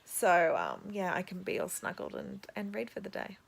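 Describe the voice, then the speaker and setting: Soft-spoken woman book vlogger with gravelly fry. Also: lowish voice, huge pitch swings. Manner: reflective, soft-spoken, halting. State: teary after crying. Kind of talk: casual reading vlog.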